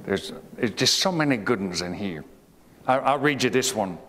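A man's voice: lowish voice, lively intonation, moderate pace, fairly bright tone. A man performing a folksy 19th-century storyteller, reading a fable aloud with homespun asides and questions to his listeners, in an echoey hall. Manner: homespun, digressive, asks the audience questions. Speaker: historical reenactor as a 19th-century president. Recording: echoey hall with faint ambient noise.

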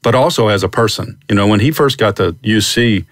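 Low-voiced reflective podcast host. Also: male voice, brisk, dry recording, clean studio sound. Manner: reflective, thinks aloud with fillers. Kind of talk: conversational interview.

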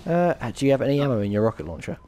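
A man's voice: medium pitch, animated, racing, warm tone, slight background noise. A man with an English accent, partway between posh and dropped-T London speech, chatting casually while gaming, swearing and laughing as he tells stories. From England. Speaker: streamer.

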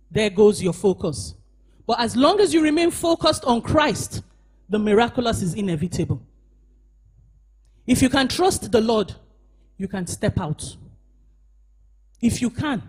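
A woman pastor preaching a sermon at a church service, moving between shouted emphasis and hushed asides and calling on the congregation to respond. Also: on the high side, very animated, measured pace, pauses often, slightly rough.

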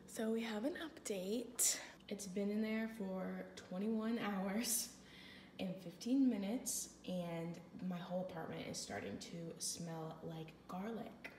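A woman's voice: medium pitch, slow, darkish tone. A young woman in her twenties filming a casual vlog in her apartment, chatty and dramatic, often dropping to a whisper. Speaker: vlogger. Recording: echoey room with background noise.

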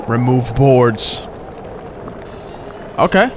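A young man streaming a horror game, talking in slang, yelping and shouting whenever he gets scared. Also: fairly high pitch, moderate pace, noisy background. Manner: excitable, yelps and shouts when scared, slangy. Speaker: gaming streamer. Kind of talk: horror game let's play commentary. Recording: game music playing behind.

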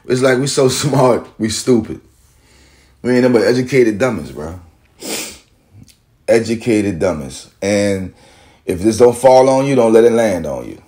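A man's voice: fairly low pitch, expressive, unhurried, long pauses, dark tone. Blunt, profane man preaching on a walk. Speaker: vlogger. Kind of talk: casual street monologue. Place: walking outdoors on a street.

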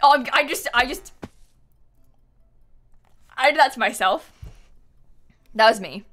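A young woman streams a game live, reading out donations and reacting excitably as she swings between shrieks and low mutters. She speaks a little slowly.

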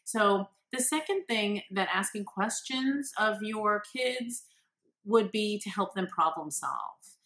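A woman's voice: mid-range voice, animated, takes it slowly, a bit bright. A woman parenting coach giving earnest, encouraging advice straight to parents. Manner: acts out the quotes she gives. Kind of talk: direct-to-camera advice talk.

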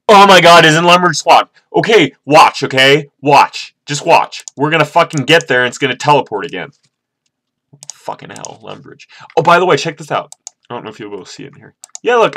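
Bright-voiced swearing gamer man. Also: mid-range voice. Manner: swears a lot, rants and yells at the game, then calms down to chat. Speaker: gaming channel host. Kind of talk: casual gameplay commentary. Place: his room at home.

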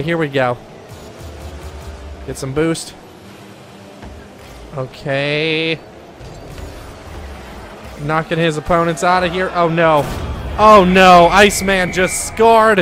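A man giving excitable commentary over his own gameplay, shouting and laughing at near misses and goals. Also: high-pitched, a little hiss or hum. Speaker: gaming YouTuber.

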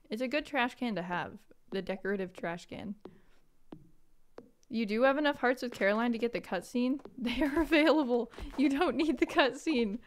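A woman streaming a farming game live, chatting playfully with her viewers and reading their comments aloud. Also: mid-range voice. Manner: chatty and playful, answers chat, mock outrage. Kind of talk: casual live-stream chat.

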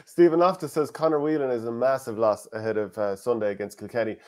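An Irish man hosting a casual sports chat, reading out listener comments and giving his own views. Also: mid-range voice. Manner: fast, animated, reads listener comments aloud. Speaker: podcast host.

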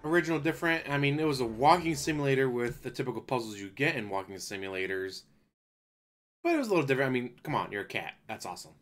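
A man's voice: medium pitch, animated, quick pace, fairly bright tone, a little hiss or hum. A man hosting a reaction video, talking in a sarcastic, mocking way and swearing now and then. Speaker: reaction channel host.

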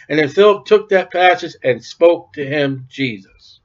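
A man's voice: sits high, normal speed, few pauses, muffled recording. A man preaching an informal sermon in a conversational way, acting out bits of dialogue as he goes. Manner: conversational, acts out dialogue in quoted voices.

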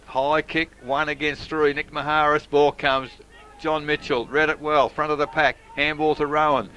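An older Australian man giving local radio football commentary, hesitant with frequent fillers and quiet asides. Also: on the high side, slight background noise, poor audio.

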